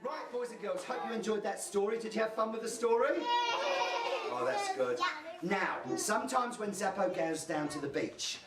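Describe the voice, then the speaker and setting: A woman performing a live storytelling show for young children, animated, making sound effects and getting the audience to join in. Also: mid-range voice, normal speed. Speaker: children's entertainer. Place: large hall with a live audience. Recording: echoey hall, far mic, crowd noise.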